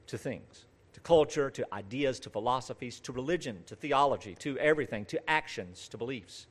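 A man's voice: medium pitch, expressive, brisk, hardly any pauses. A man preaching a sermon, reading scripture and then talking earnestly and conversationally, with rising and falling emphasis and lists that build in force. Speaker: pastor.

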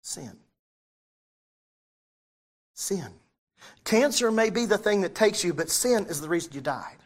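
A man's voice: high voice, animated, slow, long pauses. A man preaching a sermon, talking it through with his congregation, reading scripture aloud and correcting himself as he goes. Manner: conversational preaching, asks the congregation questions. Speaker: pastor.

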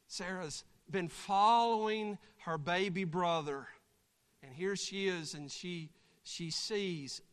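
A man preaching a sermon, staging a live acted illustration with congregation members and breaking into shouted voices of the story's figures. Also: on the high side. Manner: animated, acts out voices and shouts during the story. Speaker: pastor. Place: church sanctuary. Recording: long church hall reverb.

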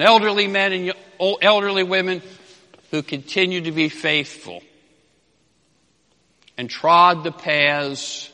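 Slow, emphatic preacher with bright tone. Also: male voice. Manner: emphatic, repeats key phrases, drops to a low voice at phrase ends; reads scripture slowly and deliberately. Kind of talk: expository sermon. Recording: long hall reverb.

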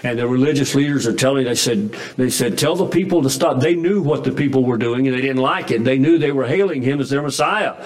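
A man's voice: mid-range voice, brisk, hardly any pauses, rough recording. A man preaching a sermon in a folksy, emphatic way, with frequent restarts and chuckles. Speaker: pastor.

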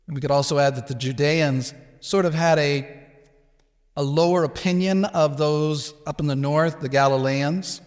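Man preaching in a reverberant sanctuary. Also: fairly high pitch. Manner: explanatory, measured, with frequent restarts and asides. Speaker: pastor. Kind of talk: expository sermon. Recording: long hall reverb.

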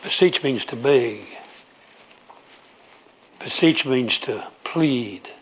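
A man's voice: mid-range voice, animated, extremely slow, a little hiss or hum. A man preaching a sermon, emphatic and repetitive as he pleads with his congregation.

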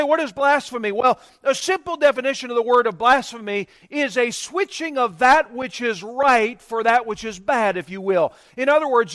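A male pastor with a strikingly high voice, delivering a sermon. He draws the congregation into call-and-response and swells into emphatic, forceful phrases. The sound is dry and close, with no room echo. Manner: preaching with call-and-response, rising to emphatic bursts.

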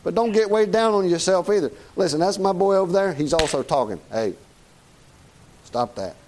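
A man's voice: high-pitched, expressive, normal speed, darkish tone, slight background noise. A middle-aged man with a Southern US accent preaching a sermon in a folksy, joking way, chuckling as he goes. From Southern United States.

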